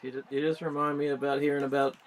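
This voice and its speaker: A man's voice: medium pitch, flat delivery, fast. A man chatting casually on a gameplay stream, rambling and restarting his sentences with frequent giggles. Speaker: streamer co-host.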